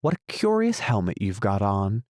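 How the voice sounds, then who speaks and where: A man's voice: on the low side, wildly swooping pitch, moderate pace, a little mellow, no echo, studio quality. A man reading an audiobook, voicing a polite, curious young girl who asks earnest questions. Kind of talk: audiobook character voice.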